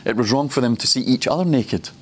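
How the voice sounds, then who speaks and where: A man's voice: mid-range voice, quick pace, slight background noise. A man preaching at a ministry school, personal and reflective, often laughing between points.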